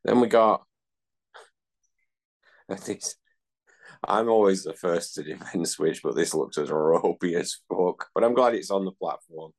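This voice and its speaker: Deep gravelly podcast co-host. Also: male voice, a little slow, pauses often. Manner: dry, swearing, laughing. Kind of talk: casual banter. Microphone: remote call mic.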